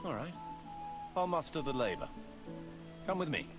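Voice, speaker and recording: A man's voice: a little high, sing-song, normal speed. An actor playing a businesslike male medieval foreman in a video game. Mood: brisk. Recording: game audio under clear music.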